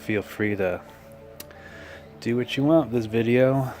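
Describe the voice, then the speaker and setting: A young man talking casually and frankly to camera, rambling with lots of "you know"s, in a self-described monotone. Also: medium pitch, a little slow. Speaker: vlogger. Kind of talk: casual personal talk to camera. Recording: distant mic with loud background music.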